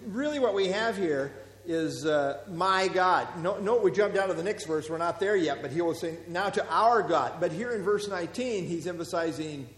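A man leads a Bible class, walking through the text and quizzing his listeners, his talk full of small fillers. His voice sits a little high for a man. The sound is roomy, with a long reverb trailing off each phrase. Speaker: Bible study teacher.

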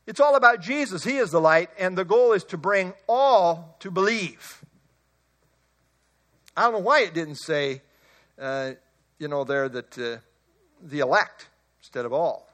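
A man preaching an expository sermon, emphatic, slowing and rising on key words. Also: sits high, fairly bright tone.

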